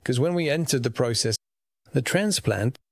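A man's voice: mid-range voice, animated, normal speed, vocal fry, no room sound, studio quality. A man earnestly telling his personal faith testimony about receiving a lung transplant, in a reflective storytelling manner.

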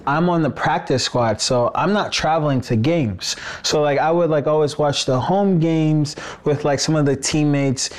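A young man telling a personal story on a podcast in a casual, animated way, dropping "bro" and "like" all through. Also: fairly high pitch, normal speed, few pauses. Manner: animated, says "bro" and "like" often.

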